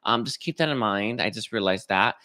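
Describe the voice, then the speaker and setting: A man hosting a spiritual livestream, talking casually and hesitantly with many pauses and restarts. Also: lowish voice, lively intonation, bright, forceful tone. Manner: hesitant, lots of ums and restarts. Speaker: psychic reader hosting a livestream.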